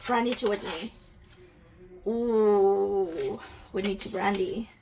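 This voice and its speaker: A woman's voice: a little high, moderate pace. A woman giving an intuitive energy reading to camera, musing aloud, asking questions and talking directly to her viewers, easily moved to emotion.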